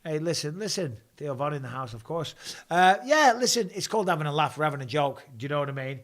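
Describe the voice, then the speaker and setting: A man's voice: on the high side, big pitch swings, quick pace, a bit bright. A man hosting a live stream from home, chatting casually in a blunt, jokey way.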